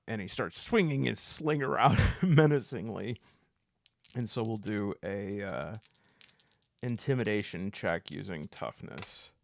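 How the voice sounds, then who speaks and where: A man narrating a solo tabletop game, thinking aloud and reading out his dice results. He talks slowly, and his pitch rises and falls a lot. The sound is close and dry. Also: lively intonation, gravelly, no echo. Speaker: solo game player and host.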